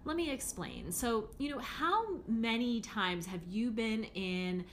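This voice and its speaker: A woman's voice: fairly high pitch, big pitch swings, slow, slight background noise. A young adult woman hosting a podcast as a life coach, talking casually and frankly with frequent fillers and the odd swear word.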